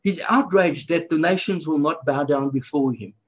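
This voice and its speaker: An excitable, fervent male preacher with a rather high, husky voice delivers his sermon at a normal speed in enthusiastic bursts. The audio sounds a bit dull and lo-fi.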